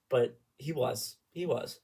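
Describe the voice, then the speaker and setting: A young man chatting in a casual vlog, telling a long, rambling story with animated asides and sudden dips into whispering. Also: medium pitch, vocal fry, slightly rough. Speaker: vlogger.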